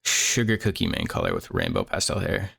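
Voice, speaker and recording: A man's voice: low-pitched, huge pitch swings, fairly quick, creaky, a bit bright, husky. A young man chatting casually on a stream while drawing, rambling with lots of fillers and laughing at himself.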